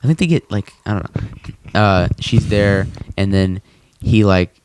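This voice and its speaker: A young man hosting a podcast, rambling through a cartoon plot in casual chat, laughing often and jumping into high-pitched impressions. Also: expressive, a little slow, a little mellow, slight background noise. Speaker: podcast host.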